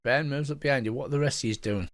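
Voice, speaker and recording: A man's voice: medium pitch, rapid-fire. A man running a tabletop game as game master, describing scenes casually. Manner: casual, descriptive, swears now and then.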